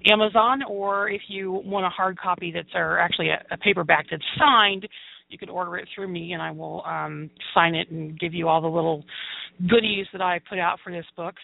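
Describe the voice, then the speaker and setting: A woman's voice: fairly low pitch, gravelly, no room sound. A woman hosting a casual talk show, bubbly and flirty, laughing often. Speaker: podcast host. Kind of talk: casual chat. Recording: dry phone-line sound.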